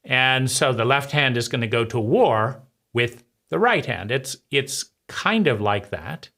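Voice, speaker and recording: A man hosting his own channel, giving a slow, deliberate philosophical monologue with frequent pauses between phrases. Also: medium pitch, expressive, bright, forceful tone. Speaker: channel host.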